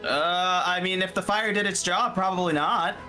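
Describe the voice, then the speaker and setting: A woman's voice: on the low side, moderate pace, bright, forceful tone, soft background music. A woman playing a tabletop game, joking in an offhand way. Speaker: player.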